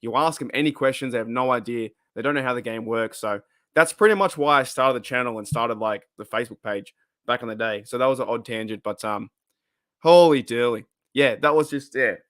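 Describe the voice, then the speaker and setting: A man's voice: medium pitch, fairly bright tone, no echo, studio quality. Rambling Australian man telling a story. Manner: rambling, laughs often, restarts, Aussie slang. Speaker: podcast host. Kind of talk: casual live podcast storytelling.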